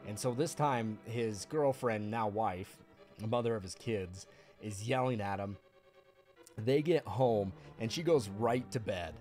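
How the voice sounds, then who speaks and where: With faint video game music behind him, a man streams a game and spins a lengthy, meandering story in casual chat, full of laughter and fillers. His voice is on the low side and a little mellow, and he speaks at a measured pace.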